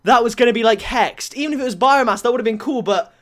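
Young male gamer host, excitable, loud outbursts, laughs a lot. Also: very high voice, fast. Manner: excitable, bursts into shouts and laughs. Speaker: gaming YouTuber. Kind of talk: excited game-opening commentary.

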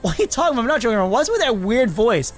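A man's voice: very high-pitched, very animated, rapid-fire, soft background music. A man voicing a confused, anxious young man trapped in a fox costume, rambling in a Minecraft role-play. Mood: baffled. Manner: rambling, anxious, restarts a lot.

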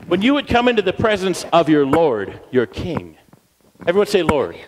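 A man speaking as a guest at a church service, energetic and playful, leading the crowd in call-and-response chants. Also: sits high, normal speed, noisy background. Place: church hall. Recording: long reverb of a church hall.

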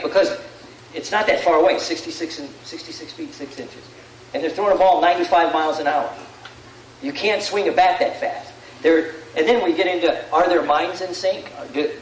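A man giving a live seminar talk to an audience, rambling and animated and often asking "right?". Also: fairly high pitch, slight background noise. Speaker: seminar speaker. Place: large room with an audience. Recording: echoey room, far from the mic.

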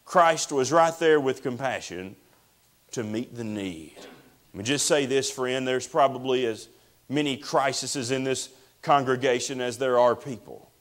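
A man's voice: medium pitch, a bit bright. Earnest preacher, man. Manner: earnest preaching, drawn-out emphasis, addresses listeners as friend. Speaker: pastor. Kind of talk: sermon.

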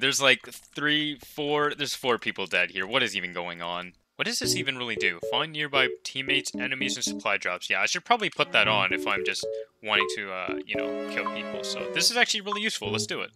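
A man giving excitable gameplay commentary, breaking into loud shouts, laughter and playful beep noises. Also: mid-range voice, a little fast. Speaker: gaming video creator. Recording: clear background music. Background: background music.

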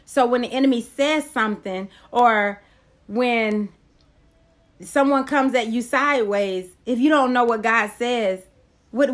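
Fast-excitable woman reading a devotional. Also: on the high side. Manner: excitable, exclamatory, laughs often. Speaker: devotional reader. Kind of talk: reading and commenting on a daily devotional. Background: faint worship music.

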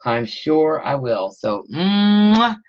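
A woman's voice: extremely low pitch, a little slow. A woman hosts a casual live crafting stream from her home craft room. She chats with her viewers between steps, keeping an easy, friendly running commentary. The recording is dull and lo-fi. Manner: chatty, talks to viewers while working. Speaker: scrapbooking host. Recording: dull lo-fi sound.

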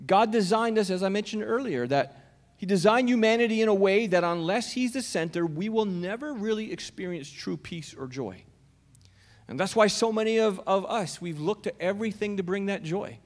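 A man's voice: high voice, lively intonation, normal speed. A male pastor preaching a sermon in a church auditorium, talking conversationally and putting questions straight to his congregation. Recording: long reverb of a church hall.

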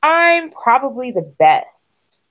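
A woman voicing a boastful, excitable young female duck in a storybook reading. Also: high-pitched, slow, voice pushed up, heavily acted. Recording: dull lo-fi recording.

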